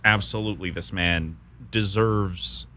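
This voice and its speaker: A man co-hosting a college radio talk show, answering his partner with earnest, measured replies. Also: low voice, steady tone, pushed and bright. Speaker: radio co-host. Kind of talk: casual radio banter.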